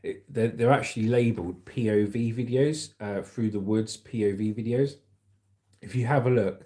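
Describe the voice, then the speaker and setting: A man's voice: lowish voice, warm tone, a little hiss or hum. Chatty man hosting a livestream. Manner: chatty, rambling, reads out viewer comments. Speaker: livestream host. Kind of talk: casual live chat.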